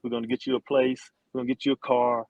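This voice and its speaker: In a relaxed storytelling interview, a middle-aged man who once played football and sang unwinds a long tale at a fast clip, imitating the people he quotes and frequently starting sentences over. His mid-pitched voice sounds dry and close, with no echo and the high frequencies cut off.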